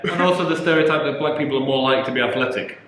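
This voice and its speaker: A man's voice: mid-range voice, racing, fairly bright tone. Young English guy, neutral accent, dry teasing co-host, in an echoey room with faint noise. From England. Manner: dry, teasing, laughs often. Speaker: co-host in a couple's video. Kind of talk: casual chat.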